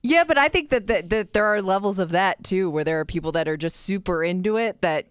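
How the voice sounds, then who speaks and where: Radio co-host, man, smooth clear voice, dry studio mic, earnest. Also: high voice, animated, a little fast, fairly bright tone, no room sound. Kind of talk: casual morning radio banter.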